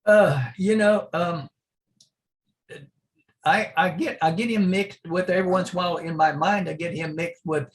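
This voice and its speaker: Brief: older male guest from Oklahoma, slightly higher voice, folksy rambling storyteller who chuckles through his anecdotes. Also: fairly even intonation, moderate pace. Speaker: interview guest, retired drag racer. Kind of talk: casual storytelling.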